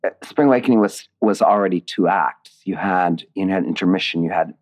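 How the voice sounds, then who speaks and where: A man with a very low, deep voice speaks in a relaxed interview. He talks reflectively and digressively, circling back and restarting his thoughts as he explains his work. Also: fairly quick. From Indiana, USA. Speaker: playwright and author being interviewed. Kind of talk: casual interview conversation.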